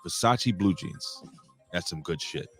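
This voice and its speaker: A man's voice: low-pitched, animated, measured pace, soft background music. A man hosting a casual wrestling podcast, cracking profane jokes and introducing chat friends like a ring announcer. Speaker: podcast host.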